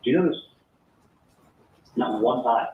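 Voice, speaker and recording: A man's voice: mid-range voice, animated, a little slow. A man rambling in a recorded conversation, repeating himself with lots of fillers. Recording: tinny distant phone tap, roomy, faint hiss.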